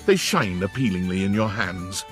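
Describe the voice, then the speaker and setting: A man's voice: sits low, expressive, moderate pace, fairly bright tone, soft background music. A man reading scripted second-person narration in a video game.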